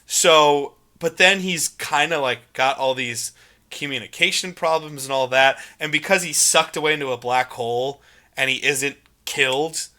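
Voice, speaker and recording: A young man co-hosting a casual movie podcast, talking in long, emphatic, animated runs. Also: on the high side, moderate pace. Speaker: podcast co-host.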